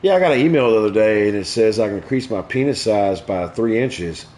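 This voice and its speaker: A man, a comedian hosting a stream, tells crude jokes and stories in relaxed, profane chat. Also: on the low side, fairly quick, slight background noise. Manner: crude, profane joke-telling. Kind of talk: casual storytelling chat.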